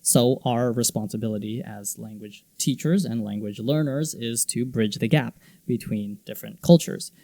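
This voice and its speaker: A man who teaches English in Japan explains teaching methods in an earnest instructional video, now and then acting out exaggerated example lines. His mid-range voice is warm with vocal fry, at a moderate pace with hardly any pauses, and there's no room sound.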